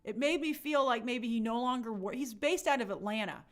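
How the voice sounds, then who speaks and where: Young woman, live-stream host, chatty and animated, slightly high voice, reads chat comments. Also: fairly quick. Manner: chatty, animated, lots of fillers and quoted asides.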